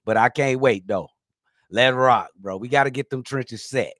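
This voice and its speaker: A man co-hosting a podcast, relaxed and joking, with slangy talk. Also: medium pitch, normal speed, dry recording, clean studio sound. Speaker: podcast co-host. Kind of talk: casual podcast chat.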